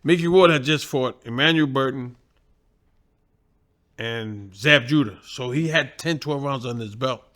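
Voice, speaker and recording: In an unhurried, mid-range voice, a middle-aged boxing trainer swaps stories casually. He curses freely, stays animated, and performs the voices of everyone he quotes.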